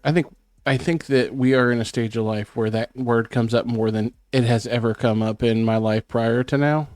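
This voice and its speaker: A middle-aged man, a bit sick, co-hosting a casual podcast and talking about himself in self-conscious, animated bursts. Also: mid-range voice, normal speed, dry recording, clean studio sound, soft background music. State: sick, clearing throat. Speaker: podcast co-host. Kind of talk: casual chat.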